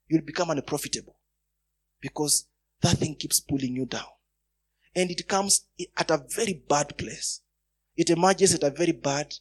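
Male preacher, husky and slightly high-pitched, storytelling sermon with emphatic swells. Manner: storytelling, rising to emphatic bursts. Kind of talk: sermon with personal stories.

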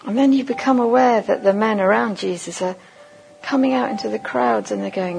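A woman giving a sermon at a conference, leading listeners through a vivid imagined story in a slow, deliberate second-person voice. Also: a little high, gravelly, darkish tone, faint music behind, low-quality recording. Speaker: conference speaker.

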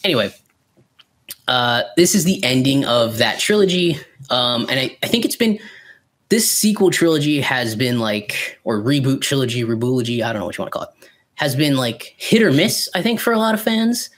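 Lively rambling male podcast co-host. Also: mid-range voice, normal speed. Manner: rambling, swears freely. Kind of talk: casual film review chat.

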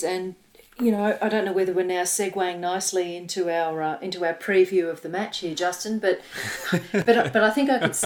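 Enthusiastic Australian woman co-host. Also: lowish voice. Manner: enthusiastic, reads out listener comments. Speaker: podcast co-host. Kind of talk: casual sports chat.

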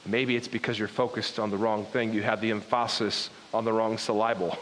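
A man's voice: fairly low pitch, level tone, fairly quick, a bit bright. A man preaching a sermon as pastor, earnest and repetitive, breaking off into asides now and then. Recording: long hall reverb with faint hiss.

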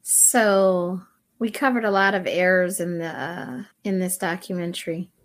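A woman with a lowish voice leads the talk through the documentary in a relaxed, conversational way. She tosses in wry, joking remarks as she goes. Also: measured pace. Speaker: podcast co-host. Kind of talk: casual chat about a documentary.

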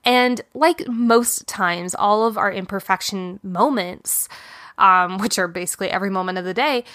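A woman's voice: mid-range voice, normal speed, a bit bright, no room sound, clean studio sound. A young woman hosting her own podcast, talking candidly and casually, full of fillers and self-deprecating laughs. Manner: chatty and candid, many fillers and "like"s. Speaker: podcast host. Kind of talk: casual solo podcast talk. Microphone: podcast microphone.

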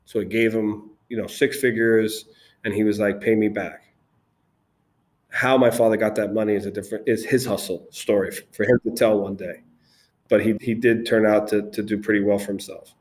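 A man, founder of an agency, telling animated stories as a guest in a casual interview, with frequent restarts. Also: on the low side, fairly quick.

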